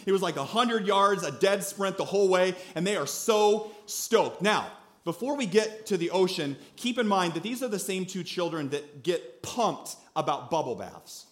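Animated high-voiced male pastor. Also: moderate pace. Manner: animated storyteller, acts out quotes loudly. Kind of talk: sermon with a personal story. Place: church.

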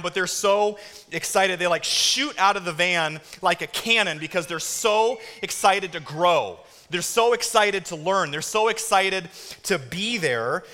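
Male pastor in his thirties, sermon delivery, bright forceful tone, long hall reverb. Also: sits high. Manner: animated storytelling with shouted kid impressions. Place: church auditorium.

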